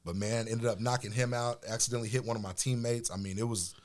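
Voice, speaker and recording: A middle-aged man from Oklahoma, a podcast guest telling casual, animated stories about his football days. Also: medium pitch, quick pace, a little hiss or hum. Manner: animated storyteller, acts out quoted voices. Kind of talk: casual storytelling chat.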